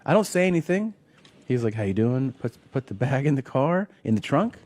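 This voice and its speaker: Animated man telling comic stories. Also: medium pitch, fairly quick. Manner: animated, acts out quoted voices. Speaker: podcast host. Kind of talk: casual comedic storytelling.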